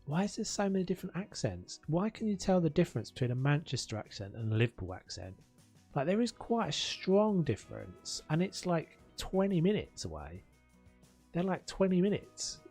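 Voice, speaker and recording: A man's voice: on the high side, gravelly, a little mellow, slightly rough. A young man with a South London accent chatting casually on a live game stream, laughing often and trailing off mid-thought. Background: faint background music.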